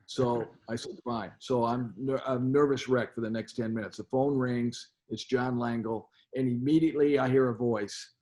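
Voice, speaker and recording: A man's voice: medium pitch, fairly even intonation, normal speed, few pauses, mellow. An older man sits as a guest in an interview and tells long stories from his coaching life. He stumbles through them, doubling words and starting sentences over as he goes. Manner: stammering, repeats words and restarts often. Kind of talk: storytelling interview.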